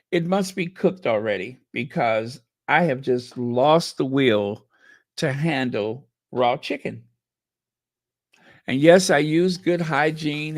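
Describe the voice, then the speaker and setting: This commentary channel host delivers sarcastic gossip, drawing out words with mocking emphasis while reading headlines and viewer comments out loud. He has a mid-range male voice, captured at studio quality with no echo.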